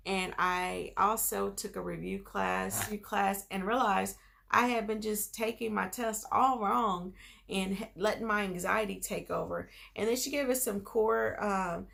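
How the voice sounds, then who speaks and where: A woman's voice: medium pitch, vocal fry, fairly bright tone. A woman vlogger telling a personal story in a casual, chatty way, full of filler phrases.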